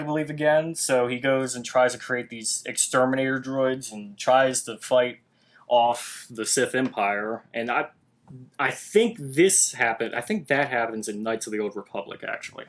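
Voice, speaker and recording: A man co-hosts a relaxed chat, retelling a long story with hesitations. He stumbles over his words and pauses to recall details. His voice sits at a middle pitch for a man. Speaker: co-host. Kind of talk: casual chat.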